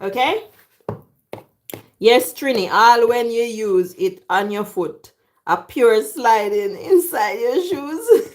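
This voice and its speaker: Woman vlogger, a touch high, unhurried, joking her live viewers while she cooks. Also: animated. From London. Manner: teasing banter with viewers. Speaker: cooking vlogger. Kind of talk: chatty live cooking stream. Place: home kitchen. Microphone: camera on a tripod.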